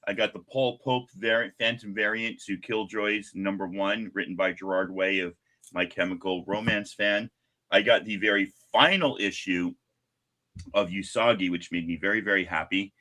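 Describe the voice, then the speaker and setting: A man in his fifties from Long Island, hosting a live stream and telling stories in a chatty, animated way. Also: sits low, normal speed. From Long Island, New York. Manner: chatty, animated, acts out what people said. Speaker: comic shop live stream host. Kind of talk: casual storytelling chat.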